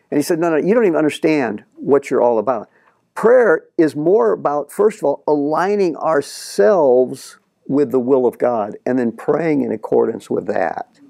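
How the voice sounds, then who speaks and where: A middle-aged pastor preaches with a gravelly, fry-edged voice. His pitch sits a little high and swings widely as he acts out the prayers he quotes. The sound is dry and close, with no room echo. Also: lively intonation, moderate pace, dark tone. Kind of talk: sermon.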